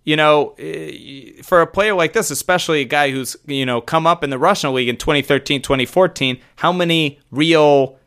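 Smooth-voiced man in joking podcast banter. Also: a little high, normal speed, few pauses, a bit bright. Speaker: podcast co-host. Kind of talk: casual chat. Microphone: remote call.

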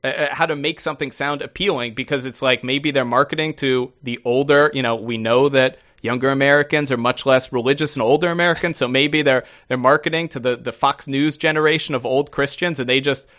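A man co-hosting a podcast in casual chat, rambling with many halting restarts. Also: mid-range voice, steady tone, a bit bright. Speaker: podcast co-host.

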